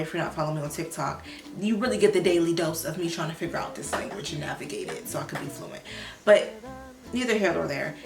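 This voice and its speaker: A young adult woman vlogger talking casually to her viewers, slangy and animated, practicing Spanish words. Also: fairly low pitch, reverberant. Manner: animated, slangy, talks to viewers, bursts of excitement.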